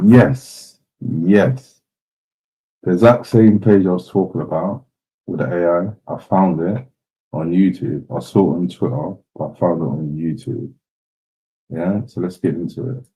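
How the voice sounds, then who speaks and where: Deep-voiced casual man. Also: dark tone, lo-fi sound. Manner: chatty, laughs along, swears casually. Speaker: host reacting to videos. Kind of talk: casual commentary.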